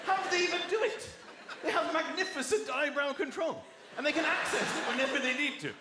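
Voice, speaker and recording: A man from southern England doing a stand-up comedy routine, animated, mimicking people and putting on voices. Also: very high voice, brisk, very noisy. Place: large comedy venue with audience. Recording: echoey venue with loud crowd laughter.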